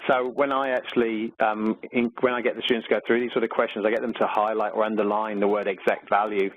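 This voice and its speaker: A man with an Australian accent teaches maths over a webinar, working through exam questions conversationally, full of fillers and clearly enjoying the material. His voice is on the low side with a level tone and a fast pace. The recording is dry and tinny like a phone, with slight background noise.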